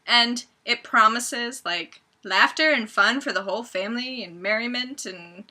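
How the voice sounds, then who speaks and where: A young woman chatting casually on a vlog, giggly and animated as she retells funny videos. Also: on the high side, a little slow. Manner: giggly and animated, acting out scenes. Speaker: vlogger. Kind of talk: casual chat.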